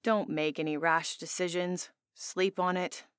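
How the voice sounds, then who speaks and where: A woman voicing a caring young man who looks after a sick friend, in a concerned and gently urging manner. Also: lowish voice, fairly even intonation, unhurried, smooth, no room sound, studio quality, natural voice. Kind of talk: audiobook character dialogue.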